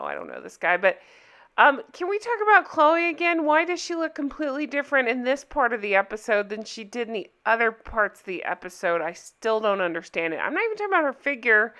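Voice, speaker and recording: Woman doing reality tv reactions, bright slightly high voice, sarcastic n baffled. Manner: sarcastic, incredulous. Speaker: reaction video host. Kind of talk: casual commentary.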